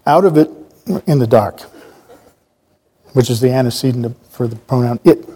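Man reading a novel aloud, mellow voice. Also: medium pitch, normal speed, slightly rough. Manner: plain reading broken by casual self-correcting asides. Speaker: reader.

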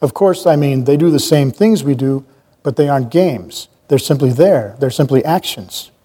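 A man's voice: medium pitch, expressive, moderate pace, dark tone, husky. A man voicing a skinny, chatty young male traveler who muses wryly, without putting on an accent. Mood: opinionated. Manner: chatty, musing, plain voice with no accent.

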